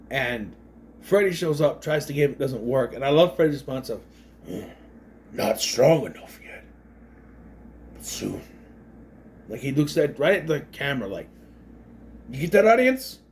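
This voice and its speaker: A man talks through a movie in a loose, rambling recap, drifting into side stories and slipping into quick impressions of the characters. His voice sits a little high and swings widely up and down. It sounds like an off-the-cuff chat. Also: darkish tone, slight background noise. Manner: rambling, goes off on tangents; mimics characters' voices mid-story. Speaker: movie reviewer.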